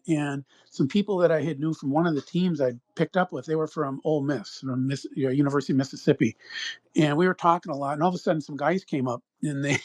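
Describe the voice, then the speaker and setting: A man's voice: fairly high pitch, dry recording. A middle-aged man from Minnesota, co-hosting a podcast and telling a long, rambling personal story. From Minnesota, USA. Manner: rambling, acts out quoted voices. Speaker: podcast co-host. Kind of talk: casual anecdotal storytelling.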